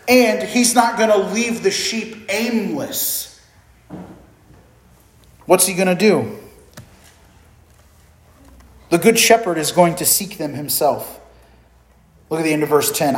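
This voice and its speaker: High-voiced man preaching in an echoey room. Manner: earnest, emphatic preaching with repeated phrases. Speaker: pastor. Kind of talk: sermon.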